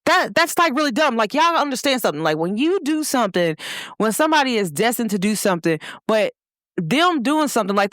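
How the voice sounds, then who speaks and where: A young woman hosting her own show gives listeners a casual pep talk, speaking emphatically and straight to them. Her slightly high, somewhat bright voice swings widely in pitch as she presses her points. The recording is dry and close.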